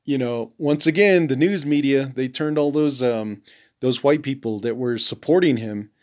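Man, podcast host, mid-pitched, blunt and profane, rambling with fillers. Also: normal speed, a little mellow. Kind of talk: casual monologue.

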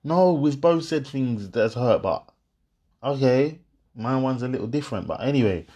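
A young man with a mid-range, slightly breathy voice talks casually to his viewers at a moderate pace, half-laughing through an animated story. He acts out both sides of an argument.

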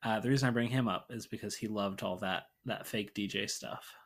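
A man's voice: fairly low pitch, fairly quick, creaky. A man co-hosting a podcast, chatting casually with dry, teasing humor. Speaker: podcast co-host. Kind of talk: casual chat.

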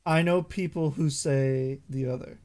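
A man's voice: mid-range voice, fairly even intonation, a little slow, a crowd in the background. A young man chatting casually on a call, hedging and repeating his words. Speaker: podcast co-host. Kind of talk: casual online chat with friends.

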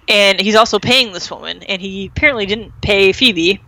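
A woman's voice: medium pitch, moderate pace, bright, forceful tone, no echo, poor audio. A young woman hosting a podcast, casually retelling a TV episode with lots of fillers and acted-out quotes. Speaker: podcast host recapping a TV episode. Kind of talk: casual chat.

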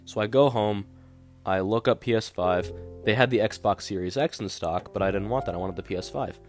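A man's voice: fairly low pitch, fairly quick. A young man hosting a podcast, talking casually in a rambling, exasperated way with lots of fillers. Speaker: podcast host. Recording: guitar music playing underneath.

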